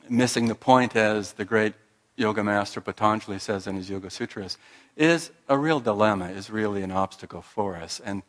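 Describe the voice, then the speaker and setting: Guy preaching a calm reflective sermon, lowish voice, lots of pauses. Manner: slow, reflective, with many pauses and restarts. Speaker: speaker giving a sermon.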